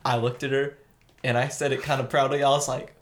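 A man's voice: medium pitch, little pitch movement, brisk. A young man, co-hosting a podcast and telling a rambling school story with casual swearing. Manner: laid-back, rambling, swears freely. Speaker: podcast co-host.

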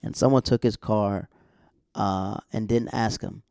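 Young man, casual show recap, rambling asides, relaxed mellow tone, dry room. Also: on the low side, measured pace, vocal fry, clear, resonant tone, no room sound. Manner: rambling, chatty, self-correcting asides.

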